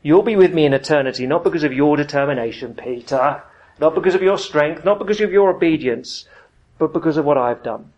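A man's voice: fairly high pitch, brisk, darkish tone, muffled recording, lightly acted. A man preaching who voices Jesus in a blunt, chummy paraphrase full of slang, exasperated yet loving toward his disciples. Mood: earnest.

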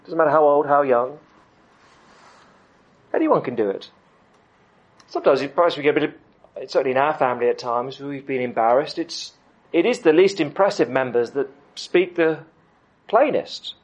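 A middle-aged man preaching a sermon, emphatic, with dramatic pauses. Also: a little high, muffled recording. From United Kingdom.

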